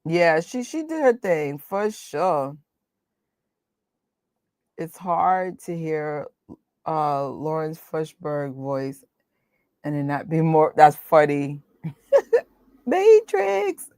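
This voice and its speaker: A woman in her forties with a New York accent, hosting a casual chat, animated and laughing often. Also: low voice, dry recording. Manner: animated, laughs often, talks in quick bursts. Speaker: host.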